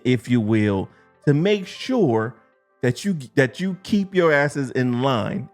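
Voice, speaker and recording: A man voicing a stern, gruff male drill sergeant who swears and barks threats in his own lowered voice. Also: a little mellow. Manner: profane, threatening, clipped commands.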